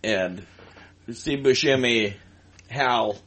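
A man's voice: mid-range voice, extremely slow, a bit bright. A man co-hosting a podcast in casual chat, making crude jokes and laughing often. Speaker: podcast co-host.

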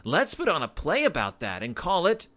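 An eager young boy bear cub chatters with excitement, as a man puts him on while reading aloud. His voice is raised and bright. It bounces with animated energy. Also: fairly high pitch, moderate pace, voice pushed up. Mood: excited. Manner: lively, excited. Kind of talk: storybook read-aloud.

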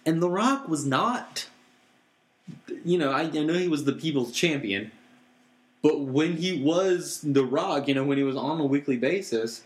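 A man's voice: fairly high pitch, animated, unhurried. A man co-hosting a casual chat show, earnest and repeating words as he builds his point. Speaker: co-host.

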